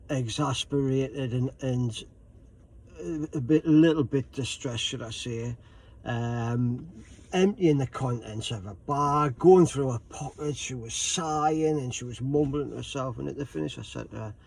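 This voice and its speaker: A man's voice: mid-range voice, a little mellow, poor audio. A middle-aged man, casually telling a rambling story to camera with many ums and restarts. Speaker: vlogger.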